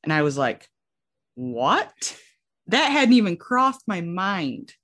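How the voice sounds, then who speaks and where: A woman's voice: fairly low pitch, normal speed. Young woman in her 20s, casual storytelling, lots of "like", acts out what people said. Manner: animated, acts out quotes with lots of "like". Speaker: guest sharing her story.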